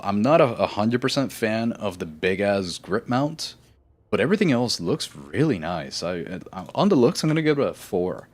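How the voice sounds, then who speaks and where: A man streaming a game live, chatting casually in a rambling, self-correcting way and laughing easily. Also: deep voice.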